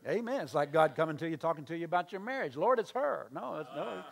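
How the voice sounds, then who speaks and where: A man's voice: fairly high pitch, expressive, fast, creaky. A male pastor preaching a sermon, telling a story with acted-out dialogue and asides to the congregation.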